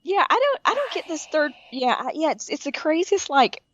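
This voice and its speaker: Sick, deep-voiced woman podcaster, dry sound. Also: very animated, normal speed, fairly bright tone, no echo, lo-fi sound. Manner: rambling, self-interrupting, laughing. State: sick, voice deeper than usual. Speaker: podcast co-host. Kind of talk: casual chat.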